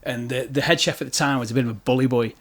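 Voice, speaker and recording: A man's voice: medium pitch, fairly even intonation, rapid-fire, a bit bright. A man hosting a podcast, chatting casually over drinks, agreeing often and telling his own anecdotes. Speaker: podcast host.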